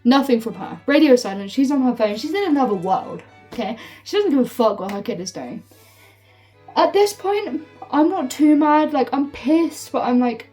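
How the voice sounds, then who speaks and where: A young woman telling a storytime vlog, swearing freely and filling her talk with "like", heated and animated. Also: high voice, moderate pace. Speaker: storytime vlogger. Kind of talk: casual storytime rant. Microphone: phone. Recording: phone mic from a distance with faint music.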